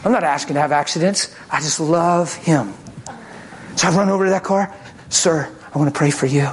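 A man preaching a sermon, telling a story with lively acted-out quotes and swings between loud and hushed. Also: a little high, normal speed, slight background noise.

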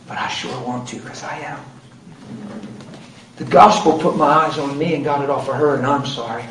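A man's voice: mid-range voice, fairly even intonation, normal speed, fairly bright tone. Preacher guy telling a story in a sermon, pretty emphatic, roomy church sound w/ noise behind. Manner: emphatic storytelling, acting out quotes. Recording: roomy hall, distant mic, background noise.

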